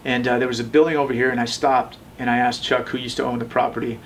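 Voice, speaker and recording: A man in his thirties telling his own story in a relaxed interview, rambling with many fillers and acting out the voices of the people he quotes. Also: mid-range voice, fast, far from the mic, a little hiss or hum, low-quality recording. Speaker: tattoo shop owner telling his story.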